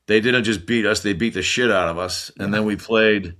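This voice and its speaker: A man's voice: lowish voice, moderate pace. An older man, a former hockey player, telling stories casually as a podcast guest and putting on other people's voices. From United States. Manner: animated anecdote-telling with mimicked voices and laughs. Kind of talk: casual storytelling.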